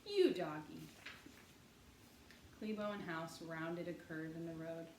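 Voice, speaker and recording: A woman narrating an audiobook in an expressive storytelling manner. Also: sits low, normal speed. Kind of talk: audiobook reading. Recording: echoey room, faint hiss.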